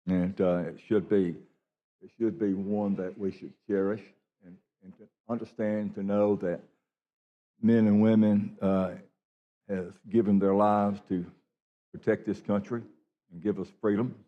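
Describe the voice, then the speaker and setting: An older man, a state senator, answering in a floor debate, halting and full of pauses. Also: lowish voice, level tone, highs cut off. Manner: halting, many uh fillers. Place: legislative chamber.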